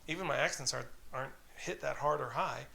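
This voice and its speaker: Man teaching drum rudiments, gravelly voice. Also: medium pitch, quick pace, bright, forceful tone, slight background noise. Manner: patient, encouraging, counts aloud and calls out stickings. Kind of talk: instructional tutorial, counting off exercises.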